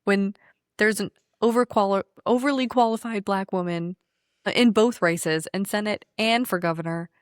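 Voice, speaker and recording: A woman talks through politics on a podcast, emphatic and quick to swear, often breaking into laughter. Her voice sits at an ordinary middle pitch. The sound is dry and close, with no room around it. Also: smooth, no room sound. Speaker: podcast co-host. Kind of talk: casual political chat.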